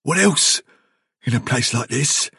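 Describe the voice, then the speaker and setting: A man's voice: mid-range voice, lively intonation, measured pace, vocal fry, bright, forceful tone, slightly rough, no echo, clean studio sound, far from the mic, pitched above the performer's own voice, heavily acted. A man voicing a large, tough male rabbit who speaks in a tense, strained way. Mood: fearful dread. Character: big bold buck rabbit gripped by dread.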